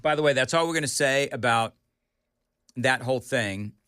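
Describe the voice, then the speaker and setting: A man hosting a morning talk radio show, bantering and joking with his co-host in an animated way. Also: medium pitch, clean tone, no echo, studio quality. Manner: animated, joking, quick back-and-forth. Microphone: studio microphone.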